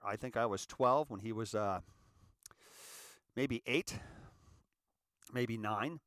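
A middle-aged man speaks into a close, dry microphone, giving a heartfelt monologue at a middle pitch. He stumbles and repeats his words, then rises into animated bursts. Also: dry recording. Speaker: podcast host.

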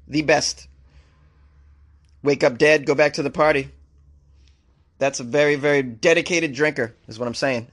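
A man from Massachusetts hosting a comedy show, riffing sarcastically on strange news stories and laughing at his own jokes. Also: medium pitch.

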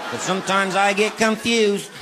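A middle-aged man with a high-pitched voice performs stand-up, animatedly playing both sides of marital arguments. It's a live show with a noisy background and loud crowd laughter.

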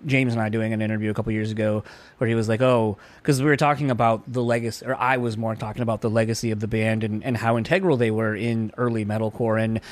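A man in casual podcast chat, telling stories in a quick, chatty way. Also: lowish voice, little pitch movement.

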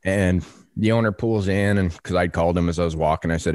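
Male podcast co-host, low voice, dry mic, animated storyteller who acts out the voices. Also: brisk, no echo. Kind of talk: casual storytelling.

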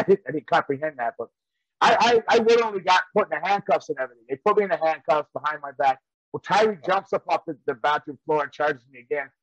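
A man's voice: on the high side, fairly bright tone, no room sound, dull audio. A man and former wrestler telling rambling stories in casual chat, often laughing as he goes. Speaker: professional wrestler and trainer.

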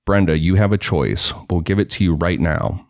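A cold, dispassionate male kidnapper speaking in a low, even voice, as a man reads his lines aloud. He sounds calm and menacing, and the recording is dry and close. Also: moderate pace, vocal fry, dry recording.

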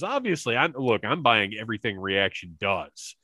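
A male podcast co-host chats with excitable energy, his pitch leaping around as he tells a story. His tone is bright and forward, and the sound is dry and close, with no room around it. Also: dry recording. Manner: excitable, animated storyteller with quick asides. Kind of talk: casual fan podcast chat.

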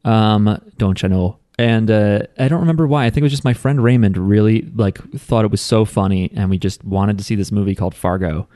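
A man's voice: lowish voice, a little fast, hardly any pauses, warm tone, no echo, studio quality. A man co-hosting a podcast in casual chat, telling rambling stories full of "like" and restarts. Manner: rambling storyteller, lots of "like" and restarts. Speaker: podcast co-host.

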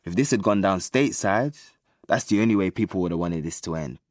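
A man's voice: low-pitched, animated, a little fast, a little mellow, no echo, clean studio sound. An actor playing a streetwise young man, musing wryly in a casual, slangy way. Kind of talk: audio drama monologue.

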